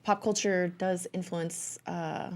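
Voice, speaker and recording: A woman's voice: lowish voice, fairly even intonation, takes it slowly, a little mellow. Rambling woman co-hosting a podcast. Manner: rambling, many fillers. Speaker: podcast co-host. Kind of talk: casual chat. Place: podcast studio.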